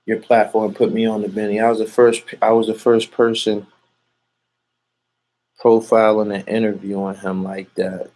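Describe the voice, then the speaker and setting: A man's voice: on the low side, level tone, moderate pace, darkish tone. A man answering an interviewer in loose, casual street talk. He brags and swears freely and drifts from point to point as he goes. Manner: boastful, profane, rambling.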